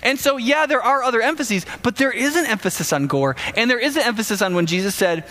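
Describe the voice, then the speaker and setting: A man preaching a sermon in a conversational, animated way, speaking directly to the congregation. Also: very high voice, fast, few pauses. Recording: long hall reverb.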